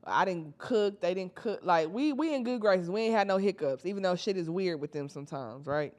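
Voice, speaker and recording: A young woman telling a casual storytime, slangy and animated, acting out her friends' lines. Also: lowish voice, brisk. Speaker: storytime vlogger.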